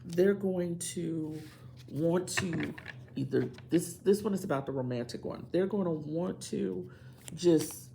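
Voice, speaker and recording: Low gravelly woman giving a tarot reading. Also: slow pace, mellow, a little hiss or hum. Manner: emphatic, preachy, repeats phrases for stress. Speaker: tarot reader.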